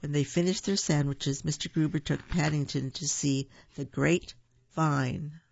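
Gentle storybook reader, gravelly voice, dry dull lo-fi audio. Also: mid-range voice, steady tone, a little slow, dry recording. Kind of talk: children's storybook reading.

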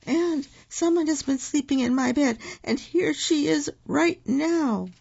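A wee storybook bear cub whimpers in a high, plaintive voice, as a storyteller puts it on. The lines are slow and drawn out, with a gravelly rasp. The recording sounds dull and lo-fi. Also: a little mellow. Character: tiny wailing baby bear cub.

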